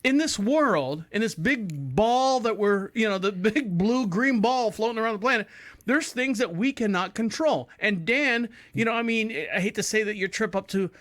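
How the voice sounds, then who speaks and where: A man's voice: high voice, normal speed, no echo. A man in his forties hosting a podcast in casual chat, telling stories animatedly and acting out quoted people. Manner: animated storyteller who acts out quoted people. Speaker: podcast host.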